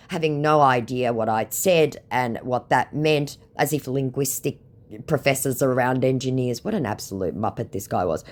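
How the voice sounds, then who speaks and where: A woman's voice: rumbling low, moderate pace. A woman, a scam baiter reading out chat messages in a sarcastic, mocking way. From Australia.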